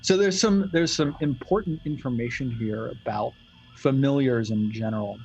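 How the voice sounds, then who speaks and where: A man's voice: mid-range voice, normal speed, darkish tone, muffled recording, soft background music. A man narrating as game master in a loose, chatty way.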